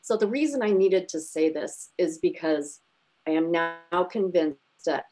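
Low-voiced woman retelling a film. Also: measured pace, soft background music, poor audio. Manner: emotional, animated retelling. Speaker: podcast co-host. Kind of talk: casual chat.

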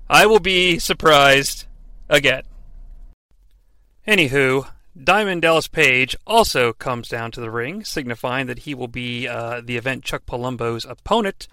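A man's voice: medium pitch, lively intonation, a little slow, pushed and bright, clear, resonant tone, no echo. A man hosting a comedic wrestling recap podcast, narrating with wry, sarcastic asides.

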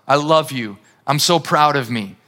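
A preacher voicing God the Father as a calm, loving father speaking to his son in a retold scene. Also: a little high, unhurried, voice pushed down. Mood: tender.

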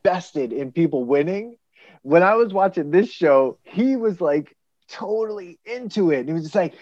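A man's voice: high voice, moderate pace, no room sound, highs cut off. A young man co-hosting a podcast, telling stories with acted-out quotes in casual chat. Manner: animated storytelling with acted-out quotes. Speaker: podcast co-host.

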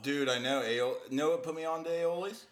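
A man's voice: on the high side, brisk. A man co-hosting a casual chat, crude and joking, telling stories with lots of put-on voices. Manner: crude, joking, animated storytelling.

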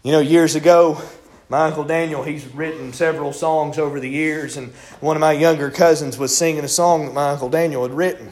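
A man preaches in a folksy way. He tells stories and acts out the people in them, and his delivery builds up until he is shouting. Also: fairly high pitch, steady tone, brisk. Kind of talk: sermon with storytelling.

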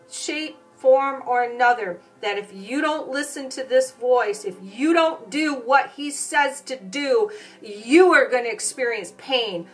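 A woman preaching a sermon, hesitating with fillers at times and then pressing her points with forceful repetition. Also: on the high side, far from the mic. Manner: emphatic, repeating phrases with rising force.

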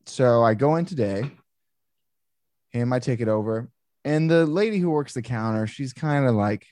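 A man co-hosting a casual podcast, telling a story with animated, exasperated swearing. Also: medium pitch, moderate pace, no room sound, studio quality. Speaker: podcast co-host. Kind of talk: casual chat.

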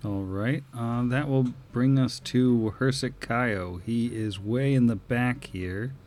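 Acting as game master for a tabletop game, a man plainly reads out a monster's defenses and abilities, using frequent filler words. His mid-range voice is slow and a little mellow.

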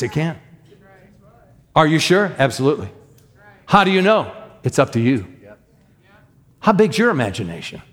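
A middle-aged man preaching as a guest minister, telling a story with emphatic, animated delivery and acted sound effects. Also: a little high. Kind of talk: storytelling sermon.

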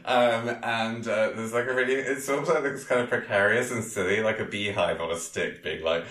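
A podcast co-host recaps a film in casual chat, his low, deep voice bright and forward in a roomy, echoey space. He talks briskly but rambles, with lots of ums and laughter, quoting characters in silly voices.

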